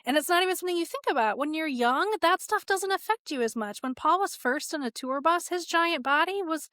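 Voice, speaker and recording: A woman's voice: very high-pitched, lively intonation, brisk, bright, forceful tone, no room sound, studio quality. A woman in her forties, a podcast guest talking frankly and with animation in a casual interview. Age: 40s.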